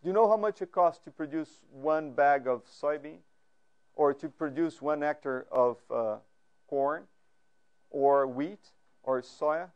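A man lecturing a class, halting often with fillers and restarts and putting questions to the audience. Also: fairly high pitch, clear, resonant tone, highs cut off. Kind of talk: academic lecture. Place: lecture room.

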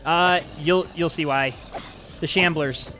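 A man with a fairly high-pitched voice hosts a casual gameplay session, upbeat and chatty as he walks his friend through the mechanics. Faint music plays underneath. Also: steady tone, takes it slowly. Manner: upbeat, explains game mechanics. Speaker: host and map maker.

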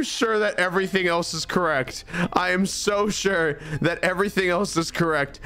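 A man's voice: sits high, moderate pace, hardly any pauses, bright, forceful tone, clean tone, faint music behind. A young man streaming a game, talking through it in a rambling, exasperated, self-mocking way. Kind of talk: casual gameplay commentary.

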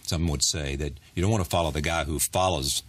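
A man with a very deep voice hosts a television interview. He opens with a scripted introduction, then moves into relaxed, probing questions, often prompting his guest mid-thought. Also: brisk, breathy edge.

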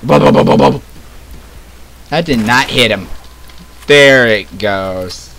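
A young man giving loud, excitable, swearing commentary as he plays a game. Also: on the low side, slow pace, creaky, slight background noise. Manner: excitable, swearing, laughing a lot. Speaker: gamer. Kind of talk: let's play commentary.

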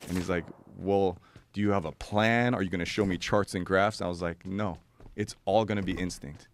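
A man with a very deep, low voice talks loosely and at length, piling up fillers and little laughs as he tells his stories. A faint hiss of noise sits under the recording. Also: fairly even intonation, moderate pace. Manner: rambling storyteller, many fillers and laughs. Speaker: guest. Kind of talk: casual chat.

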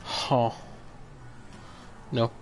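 A young man giving loud, excitable commentary while playing a video game, swearing and trash-talking his teammates. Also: very slow, slight background noise. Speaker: gamer streaming gameplay. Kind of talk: casual gameplay commentary.

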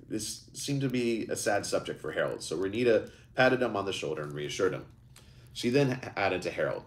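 A deep-voiced man reads his own book aloud in a live session. His pitch moves about a lot as he narrates, and he often trips over words and goes back to fix them. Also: moderate pace. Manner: animated reading, raises pitch for characters, stumbles and restarts.

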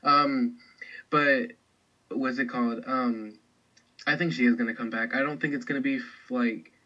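A chatty man rambles through his opinions on a podcast, restarting his thoughts often. His voice is at a middle pitch. The recording sounds slightly dull and lo-fi. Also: fairly even intonation, moderate pace, sharp tone. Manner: chatty, rambling, lots of fillers. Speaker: podcast co-host. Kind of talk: casual chat.

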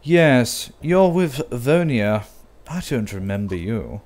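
A man's voice: medium pitch, sing-song, takes it slowly, a little mellow. A man voicing a cold, aloof young prince in a game story, speaking curtly and dismissively.

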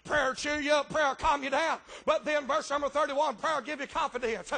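A middle-aged man preaching a revival sermon, swinging between folksy storytelling in dialect grammar and chanted, shouted preaching punctuated by rhythmic "uh" breaks. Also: extremely high pitch, steady tone, moderate pace, creaky.

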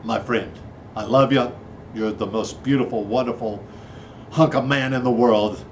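Man as loud hype-man attorney, over-the-top flattery, mid pitch. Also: unhurried, a little hiss or hum, natural voice. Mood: exasperated. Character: brash, gushing male lawyer-hype man. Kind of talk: comedy sketch.

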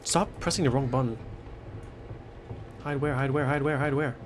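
Speaking at a moderate pace in a mid-range voice, a streamer commentates his let's play over background noise. He swears, panics, and keeps up a jokey running chatter with himself.

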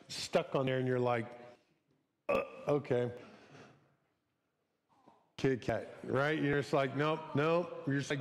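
A man preaching a casual, conversational sermon as a pastor, often acting out short quoted voices. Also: fairly high pitch. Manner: chatty, conversational, acts out little quoted voices. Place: church sanctuary. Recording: church hall with long reverb.

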